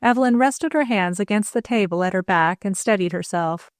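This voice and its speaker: A woman's voice: medium pitch, fairly quick, no room sound. Woman narrating an audiobook, dry and close. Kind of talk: scripted narration.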